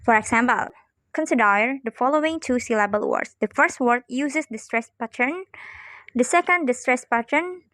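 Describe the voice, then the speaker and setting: A woman's voice: a little high, a bit bright, no room sound. Young woman reading a phonetics lesson aloud. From Indonesia. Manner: careful, halting reading with small slips. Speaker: student presenter.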